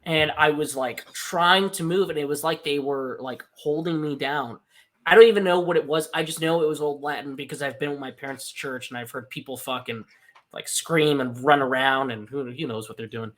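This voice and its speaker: A man's voice: a little high, normal speed. A young man co-hosting a podcast, telling a personal story in casual chat, swearing often and restarting lines. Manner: animated, swears often, many fillers and restarts. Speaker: podcast co-host.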